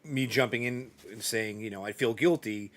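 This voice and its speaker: A man's voice: mid-range voice, moderate pace, a bit bright. A man with a New England accent, co-hosting a casual podcast chat and sometimes jumping into put-on tough-guy voices. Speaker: podcast co-host.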